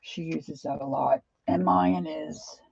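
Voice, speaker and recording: A middle-aged woman chatting casually and self-deprecatingly while she draws, halting with fillers as she works. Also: deep voice, steady tone, gravelly, a little mellow, husky, muffled recording. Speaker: art journaling vlogger. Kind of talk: casual live drawing chat.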